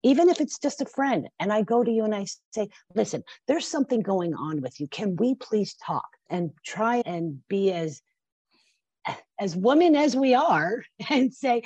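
Podcast guest: woman, 50s, husky lower voice, earnest and emotional delivery, close and dry. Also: expressive, moderate pace, dark tone, dry recording, highs cut off. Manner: passionate, emotional, sometimes teary with laughter. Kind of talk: podcast interview.

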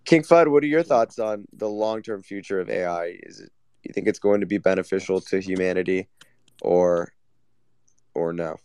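A man hosting a casual chat, teasing the guests with deadpan, mock-earnest sarcasm. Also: sits low, moderate pace, clean tone, dry recording. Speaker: host.

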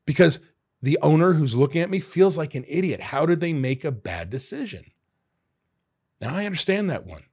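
A middle-aged man hosting a solo podcast, retelling restaurant owners' complaints in an animated, exasperated way with mild swearing. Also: fairly high pitch, moderate pace, slightly rough. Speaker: podcast host.

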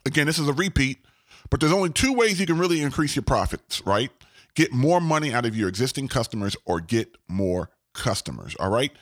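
Lively, emphatic podcast host man. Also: medium pitch, a little fast, dry recording, studio quality. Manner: emphatic, keeps asking "all right?". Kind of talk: casual monologue.

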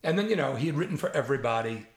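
A comedy writer in his seventies swaps casual anecdotes, doing imitations of people and swearing frankly and freely. His medium-pitched voice races along, and the room sounds echoey.

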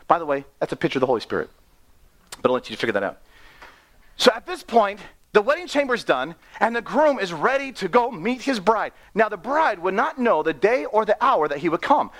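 A young man delivers a sermon in a high, lively voice that swoops up and down. He reads scripture and tells the story with a playful, animated manner, laughing at his own asides. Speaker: preacher.

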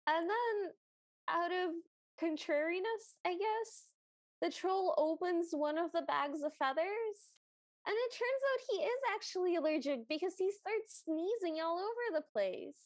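High, slow-talking woman co-host, dry close sound, easy chatty recap. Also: expressive, dry recording. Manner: unhurried storytelling with giggles. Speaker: podcast co-host. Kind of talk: casual recap chat.

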